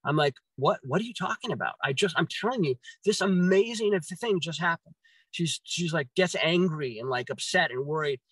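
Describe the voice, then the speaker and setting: A man telling a personal story in a casual, animated way, swearing often and acting out his own reactions. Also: fairly high pitch, moderate pace, breathy edge, no room sound, poor audio.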